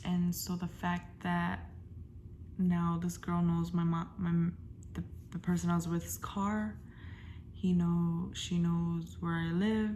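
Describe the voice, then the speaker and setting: A young woman vlogger telling a personal story in casual, halting talk that sometimes drops to a whisper. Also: lowish voice, flat delivery, slight background noise. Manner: halting, trails into soft whispers.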